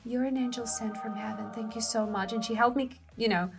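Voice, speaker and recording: Animated storytelling young woman. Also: a little high, fairly quick, vocal fry. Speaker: co-host of a language-learning show. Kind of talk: casual conversational storytelling.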